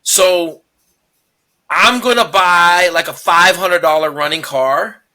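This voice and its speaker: A man's voice: high-pitched, slow, pushed and bright. A middle-aged man telling stories in casual chat, emphatic and heavy on swearing. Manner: profane, emphatic storyteller.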